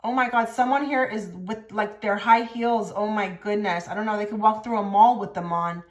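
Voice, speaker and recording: A woman's voice: medium pitch, moderate pace. A woman giving a casual tarot reading to camera, direct and blunt, with many filler likes. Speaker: tarot reader. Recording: echoey room.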